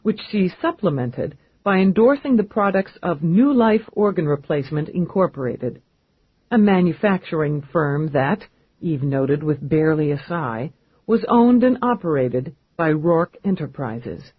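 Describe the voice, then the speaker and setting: A man narrating a crime novel audiobook with steady, measured storytelling. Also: a little high, breathy edge, no room sound, narrow, tinny audio. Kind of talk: scripted narration.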